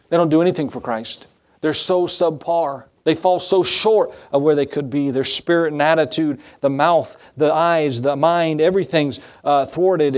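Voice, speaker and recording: A man preaching a sermon as pastor, emphatic, with rising bursts and slow drawn-out stresses. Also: mid-range voice, a little mellow.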